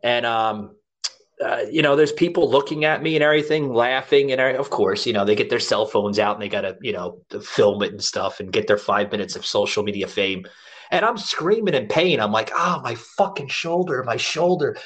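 A man hosting a podcast, telling a rambling, animated story full of restarts. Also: medium pitch, a little fast. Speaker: podcast host. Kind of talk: casual chat, storytelling.

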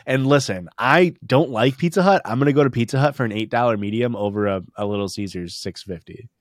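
A man's voice: mid-range voice, a little fast, no echo, clean studio sound. A man co-hosting a podcast, rambling through profane jokes and laughing at his own bits. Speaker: podcast co-host. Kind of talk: casual comedic chat.

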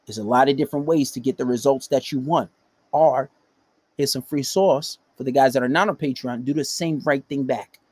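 A man's voice: medium pitch, a little fast, a little mellow, breathy edge, dry recording. A man hosting a casual monologue, giving dating advice in a blunt, profane, emphatic way.

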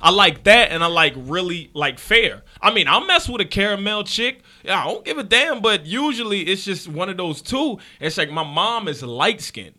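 A man's voice: high voice, expressive, moderate pace, hardly any pauses, sharp tone. A male comedian chatting as a guest on a podcast, joking animatedly and laughing often. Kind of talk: casual podcast chat.

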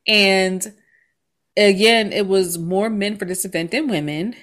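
A woman's voice: medium pitch, unhurried, a bit bright. A woman in her thirties, a podcast co-host, telling a story in casual chat and laughing often.

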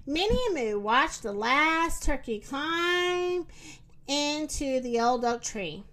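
A woman telling a children's story aloud at an unhurried pace. Her high voice rises and falls with lively expression. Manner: slow, expressive.

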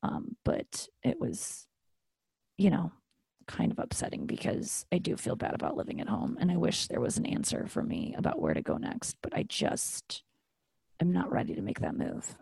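A woman's voice: deep voice, huge pitch swings, moderate pace, gravelly, dark tone, husky, no room sound. A young adult woman hosting a solo podcast, telling a family story in a chatty, candid and profane way and acting out the other voices. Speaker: podcast host.

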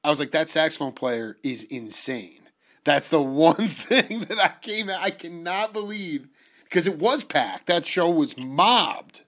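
A man hosting a casual interview, excitable and chatty, often calling his guest "dude". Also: on the high side, measured pace. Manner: excitable, says "dude" a lot. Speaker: interviewer host.

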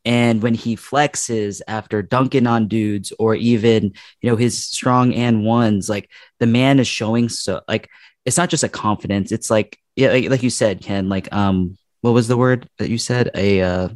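Guy with a lowish voice gushing about hoops, lots of likes and ums, dry sound. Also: fairly even intonation, measured pace, a little mellow, no room sound. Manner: enthusiastic, rambling with fillers. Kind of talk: casual sports chat.

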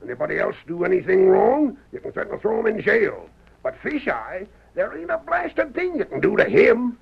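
A gruff old frontier sheriff in a vintage radio drama. His voice is high, gravelly and rough-edged. It swoops widely up and down as he drawls. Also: big pitch swings, moderate pace, exaggerated voice. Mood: grumbling. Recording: muffled old radio broadcast.

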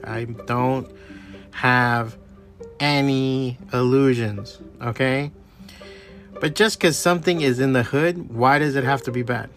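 Middle-aged guy ranting on his podcast, swears a lot, mid pitch, faint music behind. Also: measured pace. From Miami area. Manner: profane, heated, animated storytelling. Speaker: podcast host. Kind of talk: casual solo rant.

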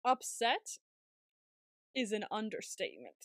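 A woman co-hosting a podcast, chatting casually in an animated way, laughing often and swearing freely. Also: mid-range voice, a little slow, no echo, clean studio sound. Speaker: podcast co-host. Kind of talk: casual recap chat.

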